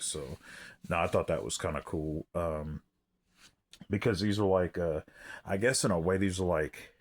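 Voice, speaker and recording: Low-voiced man rambling through a review. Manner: rambling, hesitant, full of fillers and restarts. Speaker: movie reviewer. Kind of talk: casual spoken film review.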